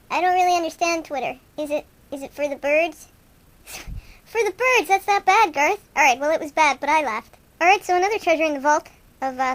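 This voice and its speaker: A woman's voice: extremely high pitch, a bit bright. A woman hosting an improvised comic radio show, playing two goofy young male rock-fan buddies in rambling, self-mocking banter.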